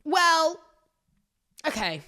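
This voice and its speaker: A woman's voice: high-pitched, sing-song, drawn-out words, pushed and bright. A woman hosting her own podcast, telling stories in a rambling, self-mocking way with sudden drops to a whisper. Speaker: podcast host. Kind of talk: casual solo podcast chat.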